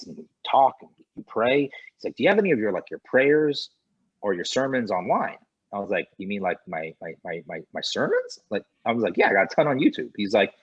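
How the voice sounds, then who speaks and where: A man guest on a podcast, telling a lively anecdote and acting out the dialogue of others. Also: on the low side, slightly rough, dull audio. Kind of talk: animated storytelling in conversation.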